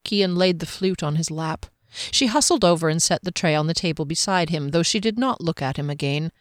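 A woman narrating a fantasy novel in a measured, expressive storytelling voice on a close mic. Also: low-pitched, no echo. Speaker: audiobook narrator.

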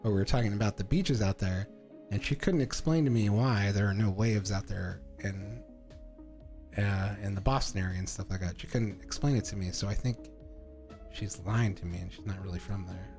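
A young man co-hosting a podcast in casual chat, animated and swearing freely as he tells stories. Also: lowish voice, moderate pace, faint music behind. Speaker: podcast co-host.

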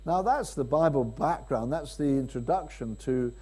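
A man preaching a sermon, swinging from emphatic peaks to quiet, low passages and acting out quoted speakers. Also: expressive, normal speed. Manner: acts out quoted speakers in dialogue.

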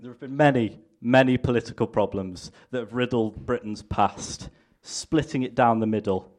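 A man performing a mock political campaign speech on stage, pompous and deadpan, and often breaking into laughter. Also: mid-range voice, normal speed. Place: stage before a live audience.

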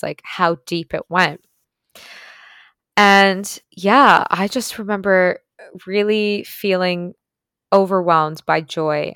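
A woman's voice: lowish voice, a bit bright, clean tone, dry recording, clean studio sound. A young woman earnestly recounting a personal experience in a casual, heartfelt way, with many "like"s and "right?"s. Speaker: vlogger recounting a retreat experience. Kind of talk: casual storytelling monologue.

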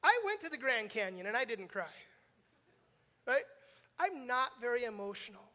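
Male pastor, high bright voice, chatty sermon with lots of rhetorical "right?", long hall reverb. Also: sing-song, moderate pace. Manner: conversational, asks the congregation questions with frequent "right?"; self-deprecating humor.

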